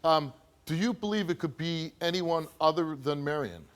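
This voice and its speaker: A man's voice: fairly high pitch, moderate pace. A man hosting a talk show, asking blunt clarifying questions of his guests.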